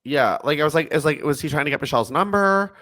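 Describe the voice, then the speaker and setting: A man's voice: on the high side, lively intonation, fast, bright, forceful tone. Guy co-hosting a podcast, laughy and rambly, voice bouncing all over. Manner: chatty, laughs often, many fillers. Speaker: podcast co-host. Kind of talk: casual chat.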